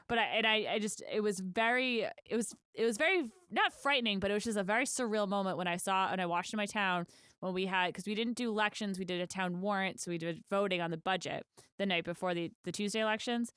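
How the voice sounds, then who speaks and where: A woman's voice: medium pitch, fast talker, fairly bright tone, clean tone, dry recording, clean studio sound. A woman co-hosting a podcast, talking casually and rambling, with lots of "like" and the odd swear. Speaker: podcast co-host.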